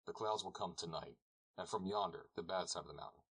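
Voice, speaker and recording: A plain-spoken, weather-wise village shepherd, as a man acts him out in a storybook. His low voice is husky and his answers come dry and blunt. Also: brisk, fairly bright tone, exaggerated voice.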